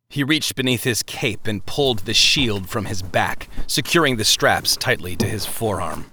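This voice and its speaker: A man reading a story aloud as narrator, with an expressive delivery. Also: lowish voice, normal speed, hardly any pauses, a little hiss or hum.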